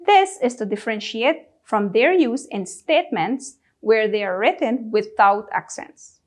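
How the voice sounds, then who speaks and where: In a fairly high, expressive voice, a Guyanese woman gives careful classroom instruction. She repeats each question word and pauses, prompting the listener to echo her.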